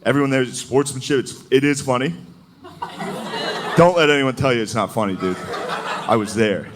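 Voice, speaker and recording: A man's voice: medium pitch, moderate pace. A man doing a stand-up comedy set, crude and profane, laughing his way through his lines. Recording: noisy recording.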